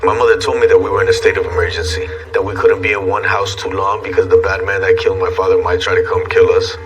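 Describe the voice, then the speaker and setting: A man giving a reflective, measured documentary interview recollection. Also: low-pitched, little pitch movement. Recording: distant mic with music underscore.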